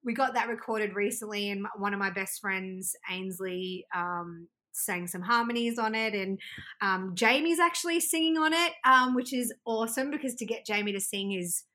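A woman's voice: mid-range voice, moderate pace, bright, forceful tone. A woman, a wedding singer, chatting casually and giggling in a podcast interview. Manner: chatty and giggly, with frequent restarts.

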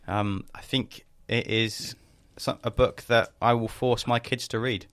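A man's voice: medium pitch, steady tone, a little slow, a bit bright, no echo. A young man co-hosting a podcast in casual chat, blunt and laid-back, swearing freely. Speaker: podcast co-host, business owner.

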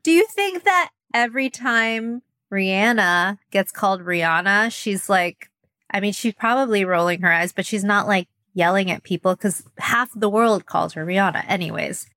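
A woman co-hosting a casual chat, relaxed and teasing. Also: mid-range voice, moderate pace, dry recording, studio quality. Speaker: podcast co-host.

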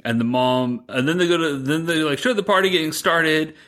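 A man's voice: fairly high pitch, brisk, fairly bright tone. A man co-hosting a podcast, rambling through a mocking movie recap and laughing between his lines in casual chat. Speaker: podcast co-host.

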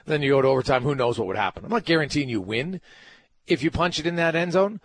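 A man's voice: a little high, lively intonation, quick pace. A man hosting a sports talk radio show, emphatic and ranting, firing off rhetorical questions.

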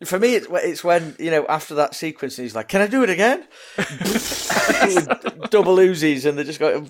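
A man in casual chat, giggling and animated as he describes film scenes. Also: fairly high pitch, a little slow, slight background noise. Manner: giggly, animated, laughing through his points. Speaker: podcast co-host.

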